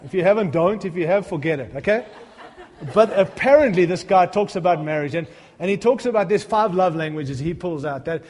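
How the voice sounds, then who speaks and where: A middle-aged man preaches a sermon to his congregation, his voice pitched high. He tells self-mocking, funny stories and then swells into fervent appeals. His voice carries a long reverb, as if filling a large church hall. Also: expressive, brisk, a little mellow. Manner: humorous, self-deprecating storytelling that builds to fervent appeals. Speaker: pastor.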